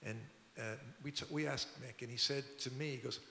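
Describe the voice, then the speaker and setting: Gravelly older man telling stories in a hall. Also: medium pitch, steady tone, fairly quick, bright, forceful tone, a little hiss or hum. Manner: rambling, conversational, frequent restarts. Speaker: record producer and musician, guest. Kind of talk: anecdotal storytelling at a public talk. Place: museum auditorium. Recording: echoey hall.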